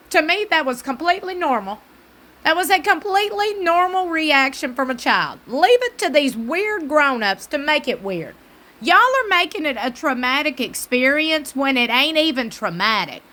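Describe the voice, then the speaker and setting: A woman's voice: high voice, very animated, normal speed, sharp tone, poor audio. A woman with a Southern US accent giving a chatty, sassy recap of a reality show, talking straight to her viewers. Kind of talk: casual commentary recap.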